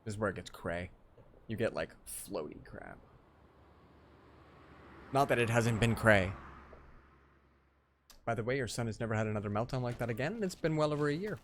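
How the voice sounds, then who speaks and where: A man's voice: mid-range voice, lively intonation, normal speed, pauses often, a bit bright, a little hiss or hum. A man streaming a strategy game live, chatting casually with viewers and telling rambling stories.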